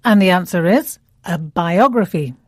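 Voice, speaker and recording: A woman presenting an English lesson in a scripted dialogue, speaking clearly and deliberately and stretching words out to show their stress. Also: lowish voice, animated, a little mellow, dry recording, studio quality.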